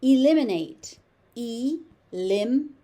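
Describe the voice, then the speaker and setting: A woman with a General American accent teaching pronunciation, saying each word slowly, sometimes syllable by syllable. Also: fairly high pitch, animated, dark tone. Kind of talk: slow, deliberate pronunciation lesson.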